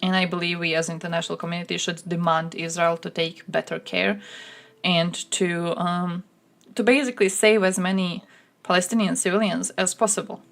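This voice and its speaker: A woman's voice: fairly low pitch, little pitch movement, normal speed, creaky, fairly bright tone. A woman streaming casual commentary, blunt and sarcastic, swearing often and mocking people in put-on voices. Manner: mocks others in put-on voices. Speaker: streamer reacting to chat.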